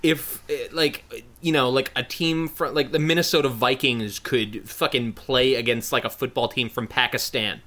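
Bright-voiced sarcastic podcast co-host man. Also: mid-range voice, fairly even intonation, moderate pace. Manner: wry, sarcastic, swears freely. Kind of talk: casual chat.

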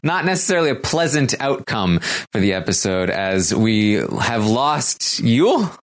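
A man co-hosting a podcast, speaking softly and haltingly with many pauses and fillers. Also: medium pitch, big pitch swings. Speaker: podcast co-host. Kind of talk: casual podcast chat.

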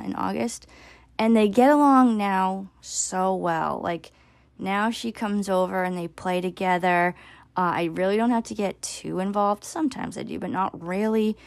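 Woman in her 30s vlogging, chatty, says like a lot, bit of vocal fry. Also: mid-range voice, no room sound. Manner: chatty, many "like" fillers. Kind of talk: casual personal storytelling.

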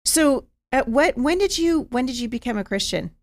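A woman hosting a podcast interview, asking questions and offering opinions in a casual, warm way. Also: high voice, expressive, moderate pace. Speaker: podcast host.

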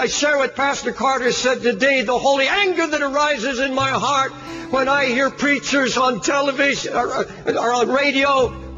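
A high-pitched man preaching with fervor, hammering rhetorical questions and dropping to near-hushed tones between outbursts. The sound is dull and lo-fi, like an old archive sermon tape, with faint music beneath. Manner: impassioned, rhetorical questions, swings from loud to hushed.

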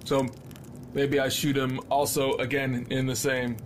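A man's voice: mid-range voice, level tone, slight background noise. A man playing a tabletop game, describing his character's actions in a playful way. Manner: playful, quick storytelling. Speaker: player. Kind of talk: tabletop game role-play.

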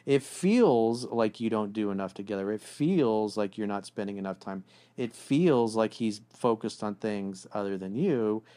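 A man's voice: fairly low pitch, lively intonation, unhurried, mellow. A man hosting a podcast and giving relationship advice in a blunt, casual way. He speaks directly to the men listening. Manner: acts out quoted lines in exaggerated voices. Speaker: podcast host.

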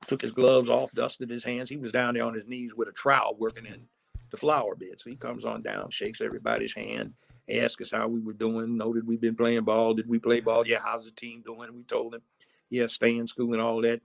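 A man's voice: mid-range voice, normal speed, creaky, no room sound. A man telling a long story in a casual way, acting out what people said. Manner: animated storyteller acting out quotes. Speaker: guest storyteller.

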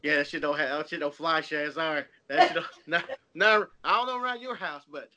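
A young adult man co-hosting a casual chat, animated, laughing often and swearing freely. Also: on the high side, brisk. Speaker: podcast co-host.

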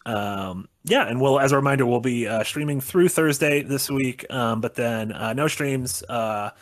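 A man co-hosting a stream in casual chat, talking in a chatty way that speeds up when he gets excited. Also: medium pitch, measured pace, dry recording. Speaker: stream co-host.

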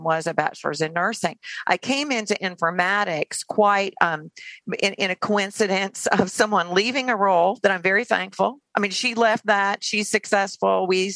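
A woman's voice: mid-range voice, creaky, fairly bright tone, dry recording. A woman in her sixties, a longtime nurse, talking casually as an interview guest, self-deprecating and rambling with many restarts.

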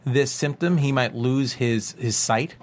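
A man's voice: mid-range voice, measured pace. A man on a podcast panel, talking casually and thoughtfully, posing questions. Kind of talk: casual chat.

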